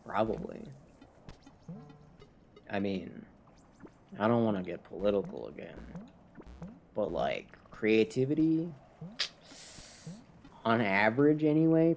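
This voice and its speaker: Tipsy Canadian man rambling, lively pitch. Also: slow, long pauses, a little hiss or hum. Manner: rambling self-talk, chuckling at own jokes. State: tipsy from drinking. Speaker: streamer. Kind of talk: casual gameplay livestream chatter.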